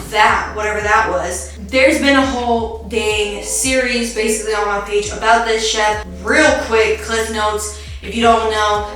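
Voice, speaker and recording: A woman hosts her podcast in casual reaction commentary, chatty and full of teasing, sarcastic asides. Her voice sits a bit high and bright. She sounds set back from the mic in a very echoey room, with faint music underneath. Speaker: podcast host.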